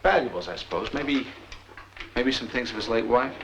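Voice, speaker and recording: An offhand gossiping servant. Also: male voice, mid-range voice, expressive, moderate pace, a bit bright. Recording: dull noisy old film soundtrack.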